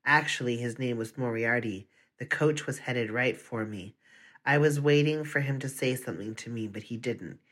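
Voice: medium pitch, moderate pace, a bit bright. An audiobook narrator telling a first-person story in an earnest, confessional manner.

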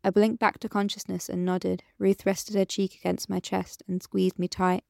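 A woman narrating a first-person audiobook story in a measured, quiet way. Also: medium pitch, flat delivery, vocal fry, no echo, studio quality.

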